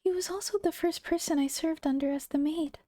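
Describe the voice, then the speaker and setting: A woman voicing a timid, polite young maid servant who narrates a visual novel, speaking softly and hesitantly. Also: extremely high pitch, brisk, no echo, clean studio sound, pitched above the performer's own voice. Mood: narrating. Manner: soft, hesitant, stammering.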